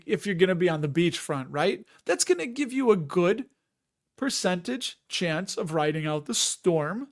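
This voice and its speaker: A man's voice: fairly high pitch, animated, a little slow. A man hosting a live stream, chatting in a casual, rambling way, a little tired, and reading viewer comments aloud.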